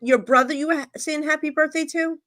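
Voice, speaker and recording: Bright high-voiced woman podcast guest. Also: fairly even intonation. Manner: quick asides, trailing off with like and whatever. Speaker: guest psychic medium. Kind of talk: casual chat.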